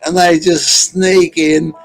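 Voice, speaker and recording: A man rambling along at a slow, high pitch. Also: flat delivery, faint music behind. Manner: rambling, profane storytelling. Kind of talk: casual chat. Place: at home by his computer.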